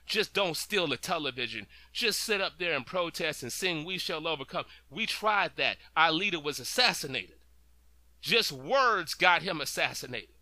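Impassioned high-voiced male commentator. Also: bright, forceful tone, no echo. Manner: impassioned, repetitive, emphatic. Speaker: talk show host. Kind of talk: political commentary monologue.

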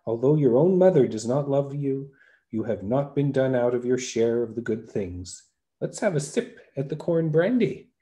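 A man's voice: mid-range voice, animated, moderate pace, dark tone, close to an everyday voice. A man voicing a kind, wise ancient old man in a folktale reading. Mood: advising.

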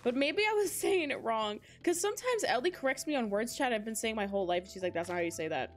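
25 yo girl streamer chatting to chat, giggly, super lively up and down voice. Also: fairly high pitch, fast, faint music behind. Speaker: livestream host. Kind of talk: casual gaming livestream chat.

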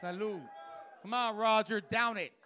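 Brash, profane stand-up comic, high voice. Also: male voice, steady tone, unhurried, sharp tone, slight background noise. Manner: brash, profane, teasing the audience. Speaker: stand-up comedian. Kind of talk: live stand-up crowd work. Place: comedy club stage with a live audience. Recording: live club audio with crowd murmur.

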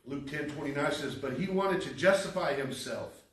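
A man preaching a sermon as pastor, building to emphatic lines and dropping to a hushed tone. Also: fairly high pitch, animated, moderate pace. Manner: preaching with rising emphasis, then softening to a hushed tone. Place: church sanctuary. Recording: echoey hall from far off.

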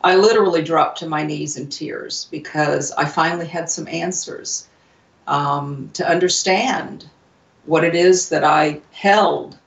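A woman guest on a radio show, telling a personal story earnestly with many pauses, fillers and restarts. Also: deep voice, vocal fry. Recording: distant, roomy, dull lo-fi sound.

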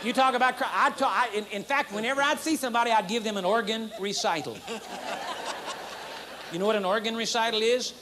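A man's voice: sits high, brisk, pushed and bright. A man preaching a sermon at a conference, mixing humor with acted-out demonstrations. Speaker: pastor. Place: large conference hall. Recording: faint noise, 1980s conference recording.

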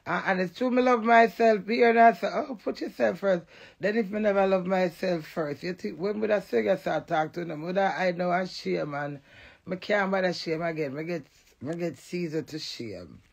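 A woman with a Jamaican accent ranting defiantly to the camera, swinging between loud outbursts and low mutters. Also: normal speed, vocal fry. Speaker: vlogger. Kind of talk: emotional direct-to-camera rant.

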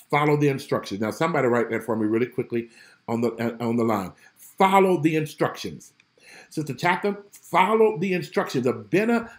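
A man preaching a livestreamed Bible study sermon, repeating key phrases with emphasis and greeting viewers by name. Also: high-pitched. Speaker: pastor.

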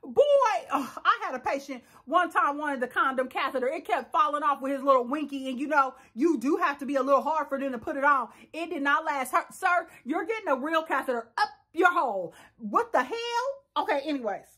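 A woman's voice: high-pitched, fairly quick, few pauses, pushed and bright. A young woman hosting a casual reality TV recap, blunt and sassy, laughing often and full of slang. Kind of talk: casual reaction commentary.

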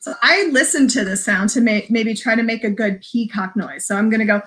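Heavy background noise surrounds a woman's fairly quick, higher-pitched voice as she, a librarian, reads a picture book aloud to small children. Sing-song and encouraging, she includes animal noises and speaks to her young viewers over a livestream camera mic.

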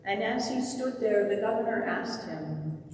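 A lector narrating a Passion gospel reading in a church, slow and formal. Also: medium pitch, animated, a little mellow. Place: church sanctuary. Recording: echoey church from far off.

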